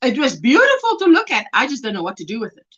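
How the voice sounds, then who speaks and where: A woman from South Africa hosting a casual crochet livestream, chatty and animated, gushing over yarn and reading viewer comments aloud. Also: high-pitched, fast talker, breathy edge. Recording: dull lo-fi livestream audio.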